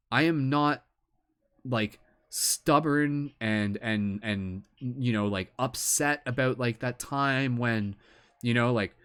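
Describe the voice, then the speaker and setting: A man giving a live tarot reading, talking in a reflective, earnest way and often filling with "like" and "you know". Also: mid-range voice. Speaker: tarot reader.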